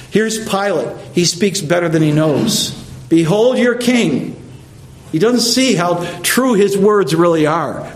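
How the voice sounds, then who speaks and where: Guy preaching through a bible passage, chatty and explaining, voice on the higher side. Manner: conversational, explanatory, with asides. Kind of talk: expository sermon.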